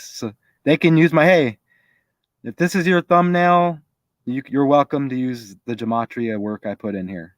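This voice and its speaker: A man's voice: medium pitch, dry recording. A man giving casual commentary to his viewers, chatty and thinking aloud as he goes. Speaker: video creator.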